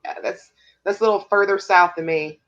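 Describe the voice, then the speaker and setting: A woman from Georgia with a Southern accent and a deep twang, co-hosting a casual live stream and chatting with viewers. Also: steady tone, a little fast, dull audio. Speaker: co-host of a coloring live stream.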